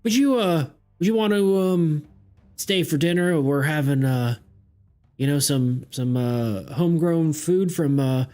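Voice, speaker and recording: A man's voice: on the high side, warm tone, voice pushed up, close to an everyday voice. A man voicing a kindly, grateful older male farmer who speaks in a folksy, hesitant way. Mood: warm, grateful. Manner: folksy, halting, full of hesitations.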